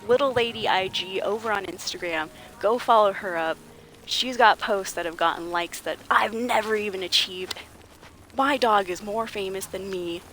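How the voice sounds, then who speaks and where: A woman's voice: mid-range voice, moderate pace, a bit bright, slight background noise. A woman game streamer chatting casually with her viewers, greeting them by name and laughing often. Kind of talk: casual livestream chat. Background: game music.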